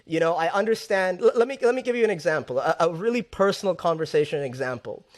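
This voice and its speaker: A man in his thirties from Southeast Asia speaks as a podcast guest in a relaxed interview. His voice sits high for a man, and he talks with animated energy, often doubling back on words as he works toward his point. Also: quick pace. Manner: animated, repeats words when building a point. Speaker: podcast guest, music label owner. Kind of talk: casual conversational interview.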